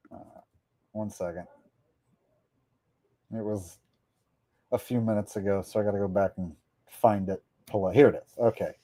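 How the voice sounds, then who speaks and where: A man's voice: fairly low pitch, moderate pace, pauses often, darkish tone, no echo. A man, a comedian, chatting casually on a livestream, rambling and joking as he reads viewer messages. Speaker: comedian and streamer.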